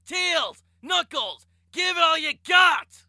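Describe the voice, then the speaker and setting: A man does a brash, cocky hedgehog hero from a video game, rallying his team in a bright, punchy voice. The recording is dry and close. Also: very high-pitched, lively intonation, takes it slowly, no echo, voice pushed up, exaggerated voice.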